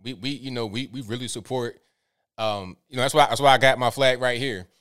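A male host taking calls, speaking in a relaxed, casual and supportive way, with a mid-range voice. He keeps the talk easygoing and friendly. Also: medium pitch, brisk, clean tone. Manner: relaxed, supportive, says man often.

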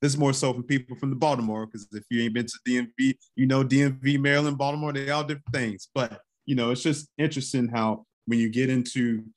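A man from North Carolina hosting a podcast, relaxed and folksy in casual conversation. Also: mid-range voice, fast, few pauses. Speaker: podcast host.

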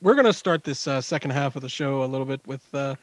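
A man's voice: mid-range voice, fast talker, no echo. A man co-hosting a podcast who steers the conversation with many "uh"s, in casual banter. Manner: hesitant, filler-heavy, steering the talk. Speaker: podcast co-host.

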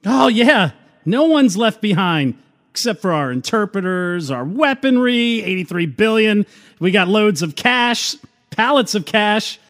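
A man's voice: sits high, lively intonation, unhurried, fairly bright tone. A man hosting political commentary in a sarcastic tone, with laughing asides. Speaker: commentary host.

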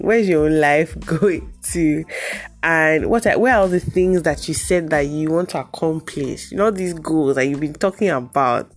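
A woman hosting a casual motivational podcast, talking animatedly and jumping high when she acts out her own reactions. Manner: animated, jumps to high excited pitch when acting out reactions. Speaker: podcast host.

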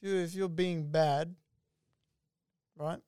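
Blunt, high-voiced young man. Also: steady tone, takes it slowly, dark tone, smooth, no echo, clean studio sound. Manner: blunt, profane storyteller. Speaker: podcast co-host. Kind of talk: casual chat.

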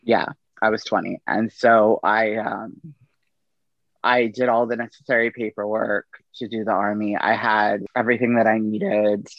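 A middle-aged man, a podcast guest, telling personal stories in a relaxed, casual way, acting out the people he quotes. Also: on the low side, measured pace, dry recording, dull audio. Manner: relaxed anecdotal delivery with quoted dialogue. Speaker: podcast guest, army veteran. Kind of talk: casual storytelling.

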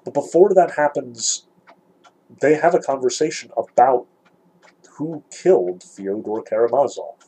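A man lecturing on a novel, explaining passages in a thoughtful, measured way. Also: mid-range voice, expressive, dark tone, husky, rough recording. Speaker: literature lecturer. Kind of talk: lecture with dramatic read-aloud passages.

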